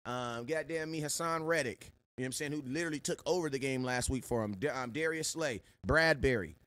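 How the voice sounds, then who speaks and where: A man hosting a sports live stream, giving loud, slangy shout-outs to viewers in casual chat. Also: mid-range voice, a little fast. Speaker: sports show host.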